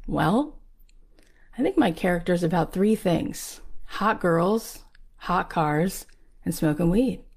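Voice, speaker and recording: A woman's voice: on the low side, slow. A woman giving a motivational talk, telling a story with emphatic repetition and acting out the people in it. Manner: emphatic, repeats key phrases for punch; animated, acts out the people in the story. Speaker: motivational speaker.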